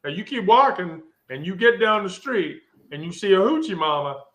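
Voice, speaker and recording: A woman's voice: lowish voice, lively intonation, moderate pace, fairly bright tone. A woman hosting a live social stream, telling a rambling, profane story full of asides.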